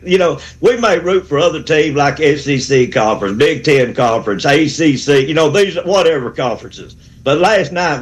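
A man's voice: a little high, low-quality recording. A man in his sixties with a Southern accent, calling in to a sports radio show and giving a rambling, fired-up pep talk. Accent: Southern American. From Alabama. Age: 60s. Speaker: caller.

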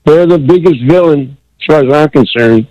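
A male radio caller with a mellow, fairly high voice, sounding indignant and opinionated. His call comes through a dull, muffled phone line with a dry sound. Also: moderate pace.

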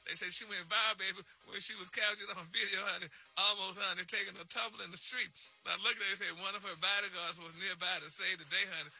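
A man's voice: sits high, steady tone, fast, pushed and bright, breathy edge. A man reading the celebrity news on a morning radio show, sassy and chatty, dropping "honey" and "y'all" into nearly every line. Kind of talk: gossip segment on morning radio.

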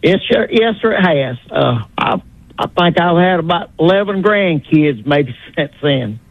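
An older man calls into a radio show, friendly and folksy, sprinkling in polite "sir"s. His slightly high voice comes through a tinny, dry phone line. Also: expressive, measured pace, no echo. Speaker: caller.

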